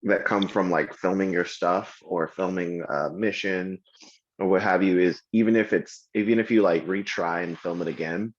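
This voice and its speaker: A man on a team call, laid-back and joking while reporting on testing an app. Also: sits low. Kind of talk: casual work meeting. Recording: dull lo-fi microphone.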